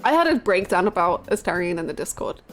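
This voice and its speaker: A woman's voice: fairly low pitch, sing-song, quick pace, faint music behind. A woman streamer chatting casually and rambling, giggling as she gushes over a game character. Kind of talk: casual live-stream chat.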